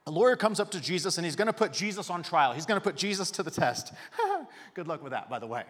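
A man in his thirties preaching a sermon in a conversational, joking way with lively emphasis. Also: fairly high pitch, quick pace. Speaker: pastor. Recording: echoey hall reverb.

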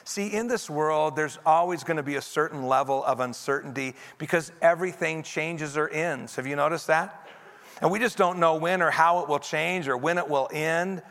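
A man's voice: a little high, normal speed, fairly bright tone. Man preaching in a reverberant hall. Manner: earnest, leads congregation in repeated reading. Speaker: pastor. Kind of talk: sermon. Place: church sanctuary. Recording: long reverb of a large hall.

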